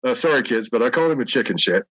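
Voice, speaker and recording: A man's voice: medium pitch, lively intonation, racing, fairly bright tone, no room sound, rough recording. A middle-aged man telling long, rambling stories in casual chat, often breaking into laughs. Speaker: guest telling encounter stories. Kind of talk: casual storytelling.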